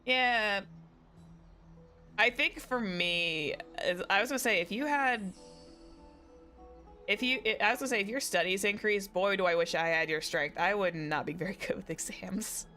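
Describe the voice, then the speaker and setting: A woman's voice: mid-range voice, normal speed, sharp tone, soft background music. A young woman streaming a game, chatting in a rambling way and correcting herself often. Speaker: VTuber streamer. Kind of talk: live game stream commentary.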